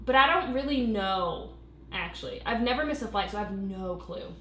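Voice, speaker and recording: A woman's voice: mid-range voice, lively intonation, moderate pace, a bit bright, reverberant, slight background noise. A woman in her late twenties with a slight Southern country accent, co-hosting a casual live Q&A and chatting with frequent laughs. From Virginia, USA. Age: 20s. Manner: chatty, laughs often, trails off mid-sentence. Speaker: co-host of a couple's channel.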